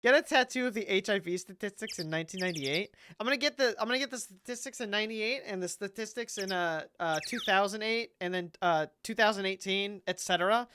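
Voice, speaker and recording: A woman's voice: medium pitch, quick pace, hardly any pauses, fairly bright tone, slight background noise. A woman streaming a game and chatting casually, rambling and joking with frequent laughter. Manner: rambling, jokey, laughs a lot. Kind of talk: casual gaming livestream chat.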